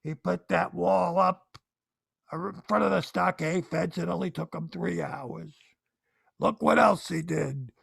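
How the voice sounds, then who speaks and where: A man's voice: high voice, a little slow, vocal fry, fairly bright tone, husky, no room sound, clean studio sound, exaggerated voice. A man voicing a grumpy suburban guy ranting about his handy neighbor, exasperated. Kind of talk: stand-up style comic rant.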